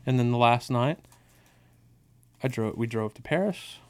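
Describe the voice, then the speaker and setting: A man's voice: medium pitch, expressive, measured pace, clean tone. Man, podcast co-host, casual chat, rambling stories, lots of swearing. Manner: swears a lot, loose rambling storytelling.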